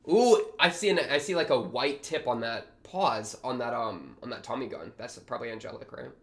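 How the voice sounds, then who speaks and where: A young man hosting a reaction video, talking casually and excitably with a lot of slang as he reacts to what he watches. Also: medium pitch, normal speed, vocal fry. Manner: excitable, slangy, thinks aloud.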